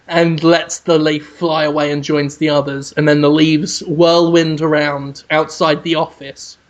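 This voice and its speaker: A podcast host spinning an absurd comic movie pitch in a rambling, deadpan way, full of fillers and restarts. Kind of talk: absurd comedic storytelling.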